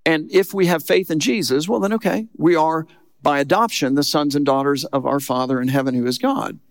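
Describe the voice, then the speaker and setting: A man's voice: fairly high pitch, expressive, a little fast, no echo, clean studio sound. A man preaching a sermon as a pastor, in a conversational, emphatic way that keeps checking in with the listeners. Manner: conversational, emphatic preaching with frequent "look" and "okay".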